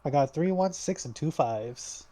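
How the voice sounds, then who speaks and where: A man playing a tabletop game who talks in a relaxed, dry way. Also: on the high side, a little slow, crowd noise. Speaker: player. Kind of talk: casual chat at a tabletop game.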